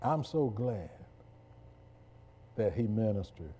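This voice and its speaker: Slow, mellow-voiced preacher man. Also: fairly low pitch, very animated, slight background noise. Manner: slow, emphatic preaching with call-and-response. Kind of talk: sermon.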